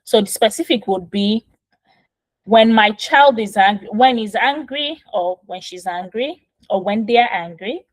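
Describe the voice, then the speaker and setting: A parenting coach speaks in a casual, instructive way, patiently explaining things step by step and often adding "right?" Her voice is medium-pitched and unhurried. She's recorded on a phone mic in a dead-dry room with no echo, and the audio is poor.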